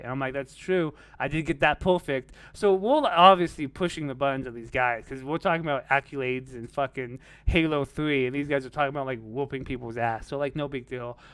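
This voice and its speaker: A man's voice: mid-range voice, brisk, hardly any pauses, fairly bright tone, clean tone, no echo. Rambling young man telling a story. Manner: rambling, many "like"s and curse words, laughing at his own story. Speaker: podcast host telling a story. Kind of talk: casual storytelling.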